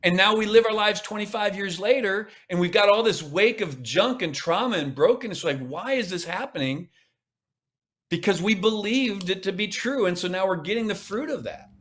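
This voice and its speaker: A man's voice: high-pitched, moderate pace, a bit bright. Emphatic man coaching in a podcast. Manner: emphatic, coaching, repeats phrases for stress. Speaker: podcast guest, leadership coach. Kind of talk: podcast interview.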